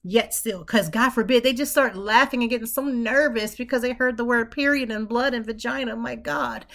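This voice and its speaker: A woman hosts a podcast in a fairly high voice. She speaks emphatically, like a preacher, and repeats her phrases again and again to drive each point home. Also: moderate pace, few pauses, a bit bright. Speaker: podcast host. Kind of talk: impassioned talk.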